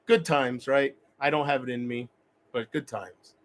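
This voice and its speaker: A man talking alone on a livestream, rambling and reflective, often halting and restarting his sentences. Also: medium pitch, fairly even intonation. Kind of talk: rambling solo livestream talk.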